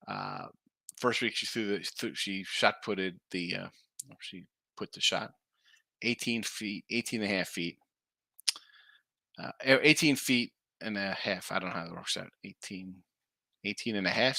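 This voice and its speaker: A man's voice: sits low, vocal fry, sharp tone, no echo. A middle-aged man hosting a live sports betting stream, rambling casually and reading viewer comments aloud. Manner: rambling, chatty, reads viewer chat aloud. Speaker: sports betting show host.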